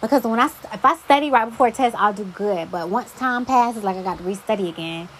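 A woman's voice: medium pitch, fast talker, a little hiss or hum, low-quality recording. A young adult woman hosting a solo podcast, talking casually with emphatic, exasperated asides. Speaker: podcast host.

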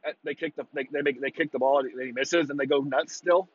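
A man ranting casually on a podcast, swearing freely and breaking into loud mocking impressions of fans. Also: a little high, fast, few pauses, dry recording, highs cut off. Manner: profane, exasperated ranting with mocking shouted impressions. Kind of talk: casual rant.

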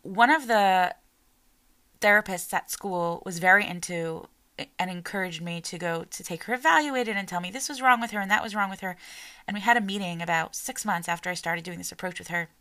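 A woman in her forties, a mother giving an earnest, heartfelt personal talk with a soft, emotional delivery. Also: on the low side, fairly quick. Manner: earnest and emotional, voice softening as she tears up. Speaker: parent sharing her story.

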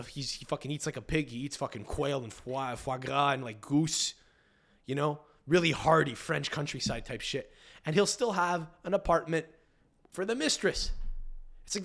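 A man's voice: a little high, vocal fry, a bit bright. A young man hosting a podcast, riffing casually with crude profanity and rambling restarts. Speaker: podcast host.

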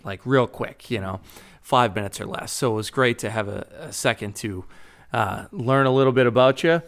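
A man from Boston speaks with a clear, smooth, resonant voice at an ordinary pitch. He shares his story casually as a podcast co-host, trailing off and restarting often. His delivery is loose and full of fillers. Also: moderate pace, fairly bright tone. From Boston, Massachusetts. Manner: rambling, many fillers and restarts. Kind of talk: casual recovery-meeting share.

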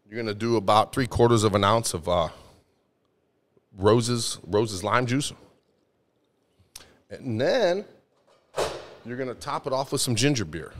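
Tipsy young male host, lowish voice with a lot of swing, profane and rambling. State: tipsy from drinking. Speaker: podcast host. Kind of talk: casual comedic monologue.

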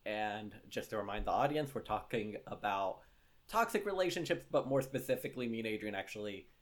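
A man's voice: lowish voice, expressive. A young man co-hosting a podcast, chatting casually and joking at his own expense with many fillers. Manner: joking, self-deprecating, halting with fillers. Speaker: podcast co-host.

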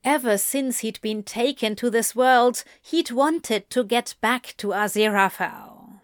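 A woman narrating a story in a measured, even reading voice. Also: fairly high pitch, no room sound, studio quality. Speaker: audiobook reader. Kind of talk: scripted narration of fan fiction.

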